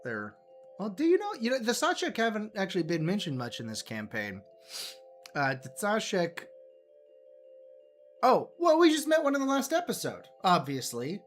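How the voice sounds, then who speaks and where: A man's voice: high-pitched, huge pitch swings, moderate pace, long pauses. A man hosting a solo livestream about a fantasy world's lore, rambling and self-deprecating as he talks to himself, with music playing behind him. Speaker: livestream host. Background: background music.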